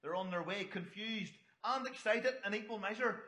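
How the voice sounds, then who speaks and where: A man's voice: sits high, normal speed, sharp tone. A middle-aged man preaching a sermon, chatty and full of asides to the congregation. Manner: conversational, storytelling asides to the congregation. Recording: echoey hall.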